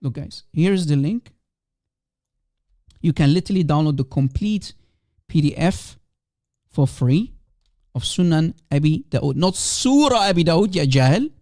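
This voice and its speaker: A man's voice: a little high, animated, measured pace, long pauses, a little mellow, no echo, clean studio sound. A man whose first language is Arabic, giving scornful, emphatic livestream commentary and repeating his points to drive them home. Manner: mocking, scornful, laughing at his opponent. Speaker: religious debater streaming commentary.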